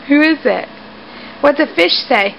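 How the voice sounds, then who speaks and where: A woman gently quizzing a toddler in a coaxing, sing-song home-video voice. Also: sits high, expressive, slow pace, gravelly. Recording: lo-fi home camcorder with faint hiss.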